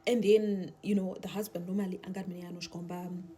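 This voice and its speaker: Brief: young Zimbabwean woman telling a casual story at a fast pace, with faint room hum. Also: lowish voice, level tone, dark tone. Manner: chatty, mixes Shona and English, drops to a whisper for suspense.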